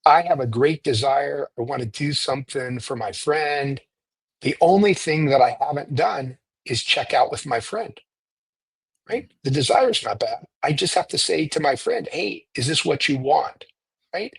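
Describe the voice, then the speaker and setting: A man with a slightly husky voice, talking through a spiritual idea as if to a friend. He keeps it animated and story-driven, tossing in "right?" to check in. The sound is close and dry, with no room around it. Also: mid-range voice, measured pace, no room sound, low-quality recording. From United States. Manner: animated storyteller, often ends points with "right?". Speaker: priest and retreat leader. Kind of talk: conversational teaching.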